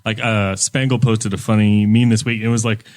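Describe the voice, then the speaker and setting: A man's voice: fairly low pitch, flat delivery, normal speed, no echo. A man co-hosting a podcast, rambling through his thoughts in casual chat. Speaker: podcast co-host.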